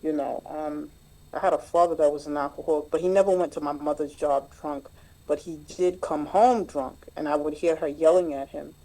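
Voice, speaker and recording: Middle-aged woman, mellow voice, reflective personal share at a group meeting. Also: sits low, rough recording. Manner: plain, reflective storytelling with many fillers. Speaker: meeting member sharing.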